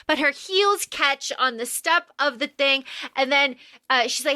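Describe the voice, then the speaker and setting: A woman's voice: high-pitched, moderate pace, dry recording, clean studio sound. A woman co-hosting a podcast, recapping a film in casual chat and acting out the characters' lines with lots of swearing. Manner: animated retelling, acting out lines, swearing freely. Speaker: podcast co-host.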